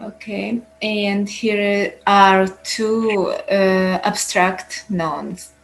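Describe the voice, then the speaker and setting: A woman student speaking very slowly and carefully, reading sentences and answering with some hesitation. Faint noise sits under her voice on the call. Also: mid-range voice, steady tone, creaky, poor audio. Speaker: adult student.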